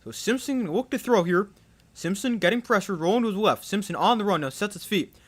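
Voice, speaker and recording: Young male play-by-play caller, high lively voice that jumps on big plays. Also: quick pace. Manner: excitable, rising sharply on big plays. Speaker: play-by-play streamer. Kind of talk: live play-by-play commentary.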